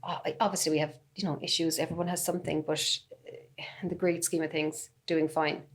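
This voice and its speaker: A woman with a fairly low voice talks in a relaxed podcast chat as a guest teacher. She tells her stories with eager warmth. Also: fairly quick. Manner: warm, enthusiastic storyteller. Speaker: special education teacher, guest.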